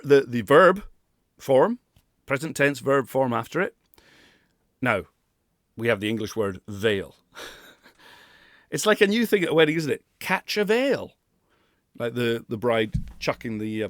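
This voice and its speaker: A man's voice: medium pitch, dry recording, clean studio sound. A man coaching pronunciation who demonstrates sounds and laughs often. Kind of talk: pronunciation lesson.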